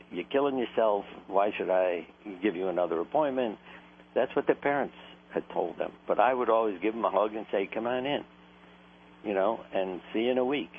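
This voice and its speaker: A man, a doctor, telling stories in an earnest, anecdotal way and laughing now and then. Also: lowish voice. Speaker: doctor, interview guest. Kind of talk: conversational storytelling. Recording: tinny phone-line sound with faint noise.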